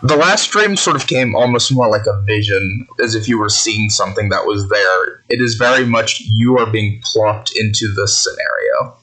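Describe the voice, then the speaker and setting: A man narrating a tabletop game as game master, building an eerie scene slowly and deliberately. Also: fairly low pitch, sharp tone, low-quality recording. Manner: slow, deliberate, atmospheric narration.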